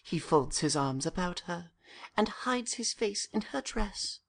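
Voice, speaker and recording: Woman calmly reading stage directions. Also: on the low side, a little slow, vocal fry. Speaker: narrator.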